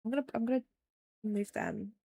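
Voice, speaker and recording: A woman's voice: fairly high pitch, a little fast, creaky, mellow, no room sound. A woman streamer chatting casually with her viewers while she paints, rambling along with lots of fillers. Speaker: streamer and digital artist.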